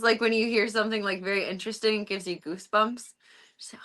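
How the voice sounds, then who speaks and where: A woman's voice: mid-range voice, a little fast, fairly bright tone. A young woman streamer chatting casually at home, rambling and cooing baby talk at her cats. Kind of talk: casual chat while streaming.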